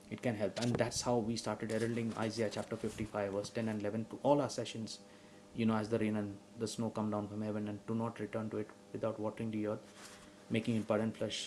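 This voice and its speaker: A man preaching a sermon who asks his listeners questions and rises to loud, emphatic passages. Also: fairly low pitch, slight background noise, poor audio.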